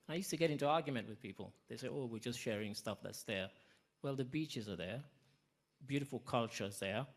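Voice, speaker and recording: A man chairing a panel at a public event, speaking emphatically with self-deprecating asides. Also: medium pitch. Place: conference hall.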